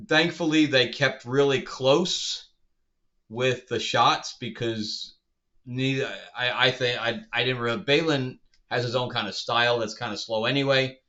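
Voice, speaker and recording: A man's voice: mid-range voice, bright, forceful tone, dull audio. A man reviewing a show in a casual vlog, exasperated and sarcastic, rambling with restarts.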